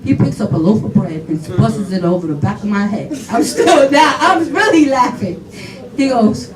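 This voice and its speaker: A daughter giving an animated eulogy at a funeral, telling laughing stories full of quoted dialogue. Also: female voice, on the high side, moderate pace. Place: funeral home chapel. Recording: echoey hall, voice from far off, faint noise.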